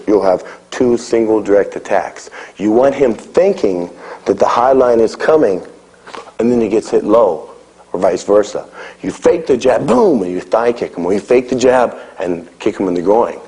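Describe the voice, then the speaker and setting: Low, mellow-voiced man coaching a class. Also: expressive, moderate pace, poor audio. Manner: coaching, calls out drills, frequent "okay?". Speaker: martial arts instructor. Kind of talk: live instruction to a class.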